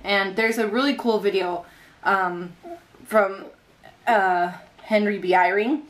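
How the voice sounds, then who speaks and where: A young woman vlogging at home with her baby, telling a story in an earnest, heartfelt way and rambling in long run-on sentences. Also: medium pitch. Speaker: mother vlogging about faith. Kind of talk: casual faith vlog.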